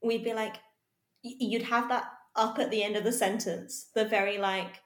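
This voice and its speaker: A woman from England co-hosting a podcast in casual, animated chat. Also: on the high side, normal speed, roomy sound. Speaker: podcast co-host. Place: London.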